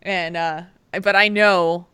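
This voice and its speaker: A woman co-hosting a casual podcast, chatty and quick to laugh, stressed and irritable, telling stories with lively quoted asides. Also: lowish voice, clean tone, no echo. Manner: chatty, laughs often, animated retellings. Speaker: podcast co-host. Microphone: headphones and home mic.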